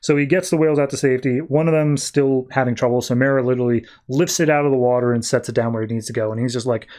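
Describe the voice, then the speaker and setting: A man's voice: mid-range voice, steady tone, quick pace, darkish tone. A man hosting a podcast, casually recapping a comic book in a rambling, filler-heavy way. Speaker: podcast host.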